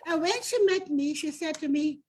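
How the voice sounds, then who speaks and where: At a moderate pace and in a high voice, an older woman with a South African accent tells personal stories as an interview guest. She leads a domestic workers' union and recounts her past earnestly and animatedly, though the recording quality is low.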